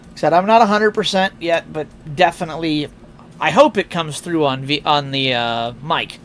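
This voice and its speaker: A man's voice: on the high side, normal speed, a bit bright, a little hiss or hum. A tired man chatting casually on a live stream through a headset, rambling with fillers and restarts. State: tired, yawning.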